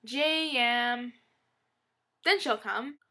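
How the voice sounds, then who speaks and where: A woman's voice: a little high, expressive, unhurried, bright, forceful tone, exaggerated voice. A woman reading a blog post aloud, voicing a laid-back husband who dotes on a cat in a matter-of-fact tone. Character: easygoing cat-doting husband, adult man.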